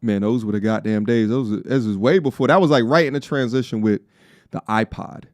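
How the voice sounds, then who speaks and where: A Long Island man in his thirties with a faint New York accent reacts to a video on stream, loose, joking, slangy, and sometimes breaking into song. His medium-pitched voice is expressive, at a moderate pace with vocal fry, in a clean studio sound with no echo.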